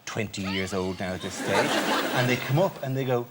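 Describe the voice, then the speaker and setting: A man with an Irish accent, a comedian guest on a chat show, telling a lively comic anecdote and tagging lines with "right?". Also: fairly low pitch, normal speed, over a noisy crowd, heavy background noise. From Ireland. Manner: lively storytelling, tags lines with "right?", laughs through his words; slips into silly voices for people in his stories.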